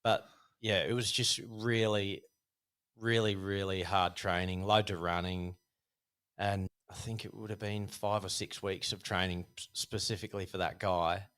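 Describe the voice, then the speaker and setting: Low-voiced man telling fight stories. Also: measured pace, smooth. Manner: animated, laughing anecdotes with many fillers. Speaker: podcast guest, former Thai boxer. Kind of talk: casual storytelling.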